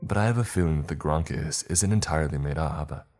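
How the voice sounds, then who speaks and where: Very deep-voiced male horror narrator. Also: fairly quick, darkish tone, faint music behind. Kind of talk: scripted first-person horror narration.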